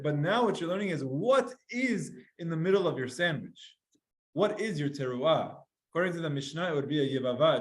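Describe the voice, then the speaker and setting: A man teaching a lively Gemara class to students, reading Hebrew lines aloud, translating them and acting out sighs and whimpers. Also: sits high. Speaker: Talmud teacher.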